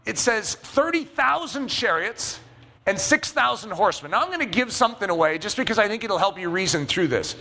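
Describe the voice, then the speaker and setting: A man's voice: sits high, lively intonation, a little fast, pushed and bright, big-room sound. A man preaching a sermon, telling a personal story with self-mocking humor and checking in with the congregation. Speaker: pastor.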